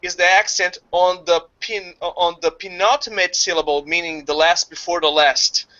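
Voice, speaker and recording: A man who speaks natively, telling a story in casual chat with lively retelling. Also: high voice, moderate pace. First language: Portuguese. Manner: animated storytelling, acts out voices. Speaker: study group organizer. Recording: dull lo-fi audio.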